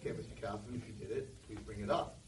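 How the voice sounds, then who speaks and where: A man's voice: on the low side, fairly even intonation, fast talker, a little mellow, echoey room, far from the mic, pitched below the performer's own voice, close to an everyday voice. A man voicing a stern, strict woman schoolteacher with a cold, clipped manner.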